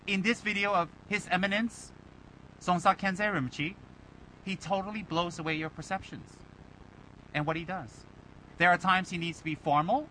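High, bright-voiced lama teasing his students. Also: a little hiss or hum, low-quality recording. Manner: animated and teasing, fires rhetorical questions and mimics critics. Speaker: Buddhist lama teaching students. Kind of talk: informal dharma talk to students.

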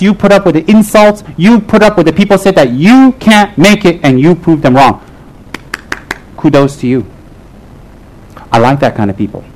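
Animated, joking lama. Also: male voice, sits high, rough recording. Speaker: Buddhist lama teaching his group. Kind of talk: live humorous dharma talk to an audience.

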